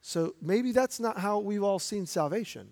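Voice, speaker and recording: A man's voice: sits high, expressive, normal speed, a little mellow. A man, a pastor, preaching a sermon in an emphatic, direct way and putting questions to the congregation. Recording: long hall reverb.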